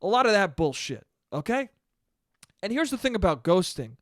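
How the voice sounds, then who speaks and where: A man's voice: sits high, sing-song, moderate pace, dry recording, clean studio sound. A young man hosting a solo podcast, rambling and swearing, often cutting himself off and laughing. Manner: rambling, profane, self-interrupting, laughs often. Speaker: podcast host. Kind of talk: casual solo podcast monologue.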